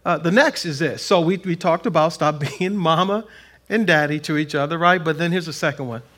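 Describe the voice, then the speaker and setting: A middle-aged pastor preaching a sermon, animated, acting out quotes in a raised voice. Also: male voice, on the high side, a little fast.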